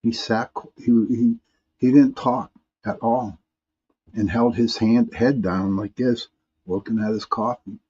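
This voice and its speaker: A man's voice: medium pitch, steady tone, measured pace, dark tone, husky, dull audio. A man hosting a live paranormal talk stream, reading viewer comments in a rambling way, often restarting and repeating words.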